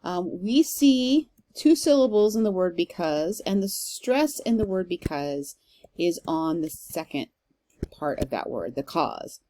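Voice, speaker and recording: A woman's voice: fairly low pitch, animated, a little slow, dark tone. A woman teacher giving a recorded lecture, explaining step by step with some fillers and reading verse aloud with strong stress. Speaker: literature teacher.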